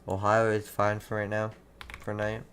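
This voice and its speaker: A young man hosting a live storm-coverage stream, casually reading out viewers' towns and warnings, halting now and then. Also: on the low side, monotone, a bit bright, slight background noise. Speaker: livestream weather host.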